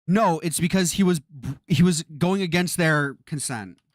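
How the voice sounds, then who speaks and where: A man's voice: on the high side, a little slow, no echo, clean studio sound. A man streaming a reaction, exasperated, swearing often and repeating himself. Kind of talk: live-stream reaction commentary.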